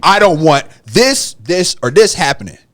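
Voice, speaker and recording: A fairly high-voiced man argues his point in a casual podcast chat. He talks in a pushy, animated way and repeats his words, and the sound is dry and close. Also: normal speed, no echo. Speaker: podcast host.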